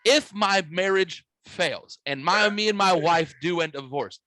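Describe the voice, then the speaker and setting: A man's voice: high voice, measured pace, bright, forceful tone, dry recording. A man hosting a podcast, telling a story in casual chat with crude language and quoted voices. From Midwest United States. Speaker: podcast host.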